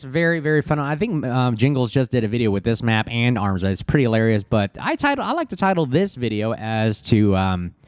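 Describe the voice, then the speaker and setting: Brief: man, casual game commentator, chatty and excitable, mid-pitched, fillers throughout. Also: clean tone, no room sound, clean studio sound. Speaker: gameplay commentator.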